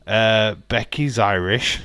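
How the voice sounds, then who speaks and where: A man's voice: fairly low pitch, slow, fairly bright tone, no echo, studio quality. A man hosting a live watch-along, chatting casually and joking with his viewers, often laughing. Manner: talks to viewers and chat by name. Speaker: livestream host.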